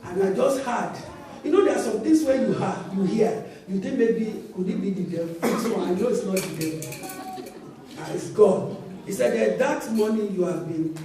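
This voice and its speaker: A woman's voice: mid-range voice, expressive, moderate pace, mellow. A woman pastor with a Nigerian accent preaching a sermon in a church, telling stories with laughter and emphatic exclamations. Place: church auditorium. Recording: echoey church hall, distant mic.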